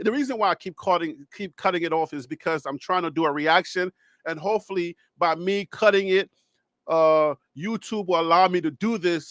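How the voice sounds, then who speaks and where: A man hosting a casual sports reaction talk, animated and excitable, laughing often. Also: high voice, no echo, studio quality. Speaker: host.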